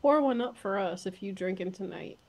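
A woman's voice: medium pitch, moderate pace. A woman co-hosting a podcast in casual chat, laughing often and chiming in supportively. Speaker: podcast co-host.

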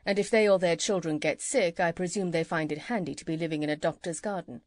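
Kindly male country doctor voiced by a woman, gentle, chatty, lowered voice, dry sound. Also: quick pace, no room sound, lightly acted. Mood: fond, chatty.

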